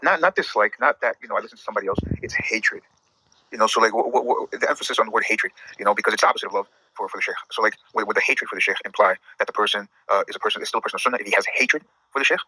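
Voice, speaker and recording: A man's voice: lowish voice, rapid-fire, pushed and bright, husky, no echo, poor audio. A man in a casual religious discussion, pressing a question with stumbling restarts.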